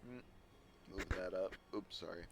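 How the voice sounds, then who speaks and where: Laid-back male streamer, lowish voice. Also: normal speed, very noisy. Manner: chatty, self-deprecating asides, laughs easily. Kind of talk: casual gameplay commentary. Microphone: desk microphone. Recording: stream audio with game music. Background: game music clearly heard.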